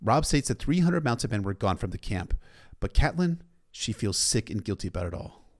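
A man's voice: fairly low pitch, big pitch swings, fairly quick. A man recapping a story in a casual, irreverent way, cursing freely. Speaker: book recap narrator.

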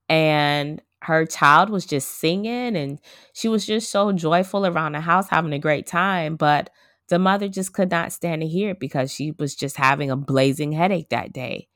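Low-voiced woman podcaster in her thirties. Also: a bit bright, no room sound, clean studio sound. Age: 30s. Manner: earnest, reflective, addresses listeners directly. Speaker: podcast host. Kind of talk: casual solo podcast talk.

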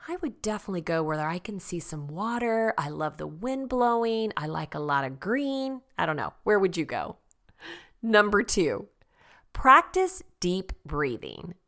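A woman's voice: mid-range voice, fairly bright tone. A woman hosting a lifestyle segment, chatty and upbeat, laughing easily as she goes through tips. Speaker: host.

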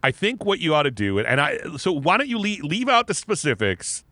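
A man's voice: a little high, big pitch swings, fairly quick, sharp tone, no room sound. A young man co-hosting a podcast in casual chat, eager and stumbling as he pushes for details. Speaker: podcast co-host.

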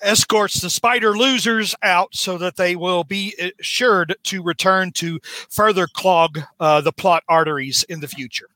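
Man, podcast host, sarcastic recap, high pitched, dry close mic. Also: unhurried, bright, forceful tone, dry recording. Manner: sarcastic, mocking. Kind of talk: comedic comic-book recap.

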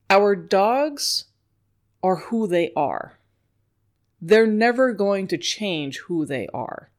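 A woman from New York who trains scent work dogs, giving an informal teaching talk in a chatty, emphatic way and often laughing at her own points. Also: on the low side.

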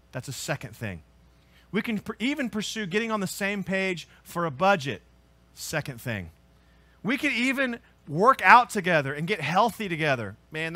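A man preaching as pastor, earnest and emphatic, swelling to loud peaks and then dropping low and quiet. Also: no echo. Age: adult with children. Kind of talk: sermon.

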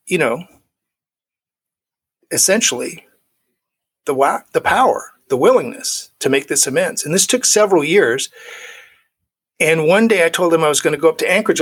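Husky guy in his 40s telling his recovery story, kinda high voice, acts out all the quotes. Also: lively intonation, normal speed, pauses often, fairly bright tone. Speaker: guest.

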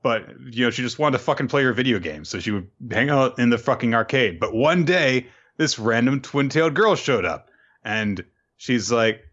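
A man hosts a podcast, recapping a comic chapter in a loose, profane way full of fillers. His pitch sits at a middle level. The audio is slightly dull and lo-fi. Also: lively intonation, a bit bright. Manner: loose and profane, fillers, jumps into quick character voices. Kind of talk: casual recap chat.

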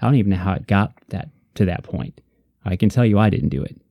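Earnest man with a dark, mellow voice. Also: sits low, animated, fast, creaky, dry recording, studio quality. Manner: earnest, reflective, repeats for emphasis. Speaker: podcast co-host. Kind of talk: casual faith discussion.

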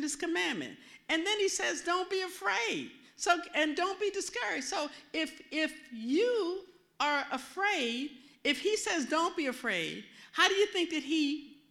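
Woman preacher, high voice, conversational and animated sermon. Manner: animated, conversational, often asks the audience questions. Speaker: minister.

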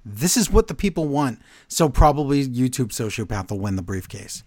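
Sarcastic, lively man recapping wrestling. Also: medium pitch, moderate pace, no echo. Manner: sarcastic, exasperated recapping with quoted lines. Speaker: podcast co-host. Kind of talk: casual wrestling recap chat.

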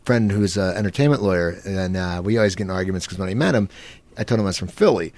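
Fast-talking low-voiced male host. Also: a little mellow. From Cherry Hill, New Jersey. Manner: quick, chatty, tangents about home. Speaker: interview host. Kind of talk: casual interview chat.

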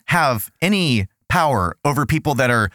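A man hosting a podcast, riffing in animated, sarcastic chat. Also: mid-range voice, moderate pace, dry recording, clean studio sound. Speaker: podcast host. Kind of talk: casual comedic chat.

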